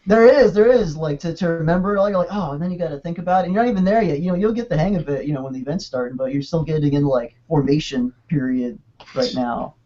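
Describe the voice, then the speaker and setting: A man casually chatting on a podcast, excitable and rambling, with quick restarts. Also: on the high side. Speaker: podcast co-host. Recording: dull lo-fi podcast audio.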